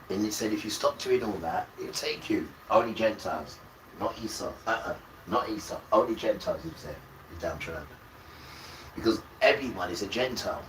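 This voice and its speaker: A man on a livestream delivering an impassioned religious rant, preachy and accusing. He swings from loud outbursts to low muttering. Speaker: livestream host. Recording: roomy, distant mic with loud background noise.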